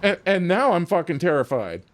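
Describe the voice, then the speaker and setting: A man's voice: sits high, brisk. A man streaming a game, telling a long story casually with lots of swearing and acting out his own lines. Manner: profane, animated storytelling with frequent restarts. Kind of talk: casual storytelling while gaming.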